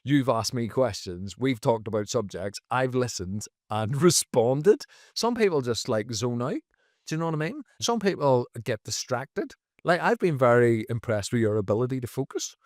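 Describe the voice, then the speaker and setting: A man guesting on a comedy podcast, telling stories in a playful, animated way. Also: medium pitch, moderate pace, no echo, studio quality. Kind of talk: casual comedy podcast chat.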